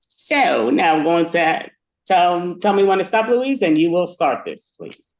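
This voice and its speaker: A man's voice: sits high, expressive, unhurried, echoey room. A man hosting an improv comedy game, playfully praising his own jokes.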